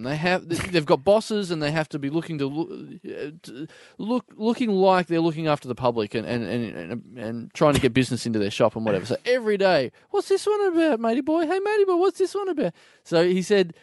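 Podcast co-host, rambling storyteller, high voice, dry close mic. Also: male voice, dry recording. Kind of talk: casual chat, storytelling.

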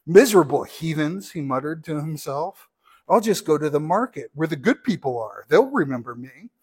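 A man voicing a proud young male donkey who shouts indignant demands in a read-aloud story. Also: a little high, big pitch swings, normal speed, breathy edge.

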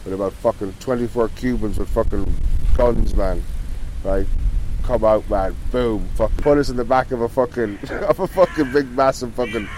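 An Irish man with a lowish voice tells a story in loose, casual talk. He rambles from one thing to the next and swears constantly. There is a faint hiss of noise in the background. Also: normal speed, a little mellow, rough recording. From Ireland. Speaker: interview guest.

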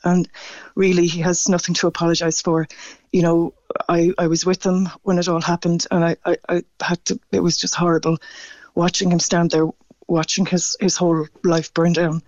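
A man calling in to a radio show, speaking haltingly and stammering as he grows emotional. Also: a little high, monotone, a little mellow, no room sound, lo-fi sound. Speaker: radio caller. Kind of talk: phone-in radio chat.

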